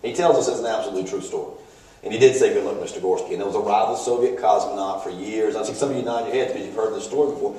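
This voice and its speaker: A man giving a humorous talk, telling anecdotes and acting out the voices of the people in them. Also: lowish voice. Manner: animated, acts out quoted voices in anecdotes. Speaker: speaker. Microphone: handheld video camera across the room. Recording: echoey room, distant camera mic.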